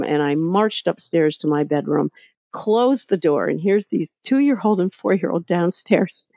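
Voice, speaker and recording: A woman's voice: fairly low pitch, measured pace, no echo, clean studio sound. Candid middle-aged woman telling stories. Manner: candid and animated, acting out past scenes. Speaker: guest, parenting educator. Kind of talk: casual storytelling in a podcast interview.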